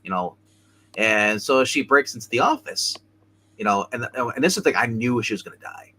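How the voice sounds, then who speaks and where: Male co-host, bright and forceful voice, rambling episode recap full of restarts. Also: medium pitch, lively intonation, poor audio. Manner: rambling, halting, many restarts. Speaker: show co-host.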